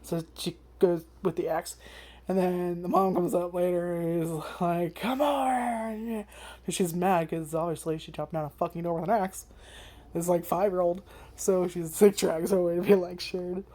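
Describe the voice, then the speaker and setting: A woman's voice: fairly low pitch, level tone, normal speed, warm tone. A woman vlogger chatting casually about an anime, rambling with lots of fillers and freely swearing. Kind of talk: casual first-impressions chat.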